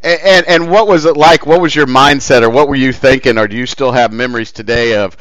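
A man interviewing a guest, asking long questions with many halting restarts. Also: medium pitch, a bit bright. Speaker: interviewer, host.

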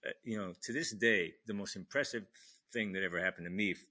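Speaking quickly in a pushed, bright, husky voice, a retired admiral in his later years recounts a story conversationally. He voices the people he quotes by suddenly raising his pitch.

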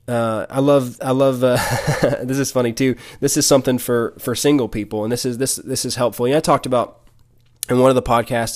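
Earnest man preaching with many restarts. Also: medium pitch. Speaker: podcast preacher. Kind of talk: Bible teaching.

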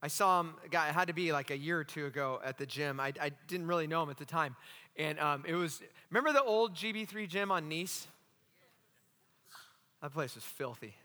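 A pastor gives an animated sermon, telling stories with acted-out dialogue and jokey asides. His voice is a little high and fairly quick, and a long hall reverb surrounds it.

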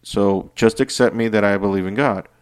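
A man hosting a podcast, delivering an unscripted, profane rant that swings between heated outbursts and low muttering. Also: moderate pace, smooth. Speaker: podcast host. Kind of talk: unscripted ranting monologue.

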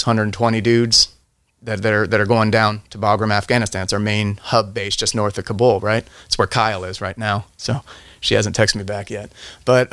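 A man's voice: fairly low pitch, fairly bright tone, dry recording. Rambling man telling war stories. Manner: rambling, self-interrupting, laughs often. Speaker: podcast guest, army veteran. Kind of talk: casual storytelling.

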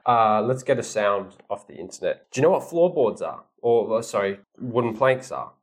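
A man's voice: fairly low pitch, expressive, moderate pace. A man tutoring a learner one-on-one, reading a storybook aloud, explaining words and acting out quotes with playful mock grumbling.

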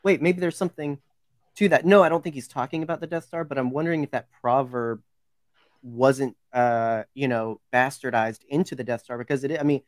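Man, podcast host, casual chat, eager, hesitant, mid pitch, dry. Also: steady tone, fairly quick, no room sound. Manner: enthusiastic, hesitant with ums.

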